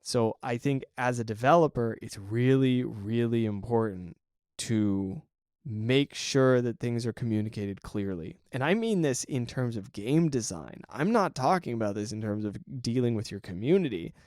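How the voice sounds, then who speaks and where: A man's voice: mid-range voice, animated, normal speed, a little mellow, dry recording, studio quality. A man hosting a solo podcast, talking casually and acting out quoted voices, often asking "right?". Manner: conversational, acts out quoted voices, frequent "right?". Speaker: podcast host.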